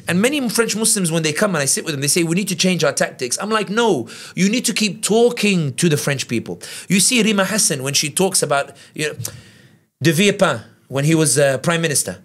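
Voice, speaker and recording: A man from the United Kingdom giving lively conversational analysis as a podcast guest, often acting out quotes. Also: a little high. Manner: animated, quick, acts out quotes in other voices. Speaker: guest commentator.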